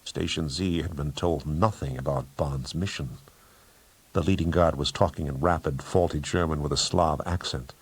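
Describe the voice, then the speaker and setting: A man narrating an audiobook thriller in a measured, dramatic way. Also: rumbling low, slightly rough, no echo. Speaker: audiobook reader.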